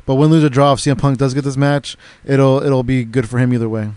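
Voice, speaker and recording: Fast-talking opinionated man, smooth voice. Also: medium pitch, little pitch movement, a little mellow, dry recording. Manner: opinionated, quick to correct and add his take. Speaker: podcast co-host. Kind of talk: casual chat.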